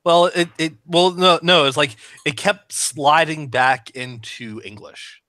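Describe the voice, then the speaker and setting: An animated man in casual podcast chat about voicing characters, his tone bright and forward. He swears freely and talks with plenty of energy. The sound is close and dry, with no room around it. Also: on the high side, slow, dry recording. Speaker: voice actor discussing his roles.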